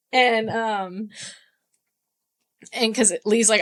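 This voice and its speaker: Casual woman retelling a book's plot. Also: fairly high pitch. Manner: retells scenes in quick quoted dialogue, with swearing and laughs. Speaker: book club member. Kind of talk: casual book club chat.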